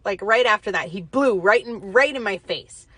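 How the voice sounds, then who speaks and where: A woman's voice: medium pitch, animated, moderate pace, pushed and bright, slightly rough. A mother talking candidly to herself in her car, rambling with plenty of fillers and restarts as she works through her feelings. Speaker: podcaster reflecting alone. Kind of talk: casual personal monologue. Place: inside a car.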